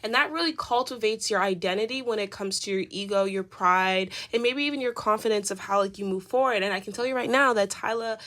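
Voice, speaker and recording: A woman's voice: mid-range voice, a little fast, hardly any pauses, a bit bright. A woman doing a casual tarot reading, talking in a chatty, rambling way with many fillers. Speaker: tarot reader.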